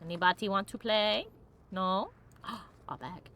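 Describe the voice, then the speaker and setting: A woman's voice: mid-range voice, slow, fairly bright tone. A woman playing a video game for a let's play, chatting casually, giggling and exclaiming often. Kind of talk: casual gameplay chat.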